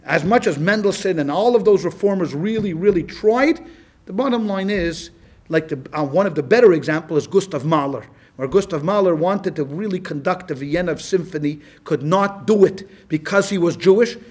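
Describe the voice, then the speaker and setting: A male rabbi giving a lecture to a class in a lively, conversational way, with frequent restarts. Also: high voice, normal speed. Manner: animated and conversational, with many restarts. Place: class with a live audience.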